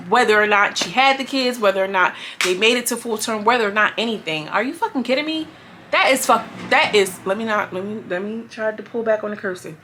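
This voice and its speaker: Young woman vlogger, bright edge to the voice, blunt and profane, exasperated recap talk. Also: medium pitch, a little hiss or hum. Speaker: reality show recap vlogger. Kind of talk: casual commentary.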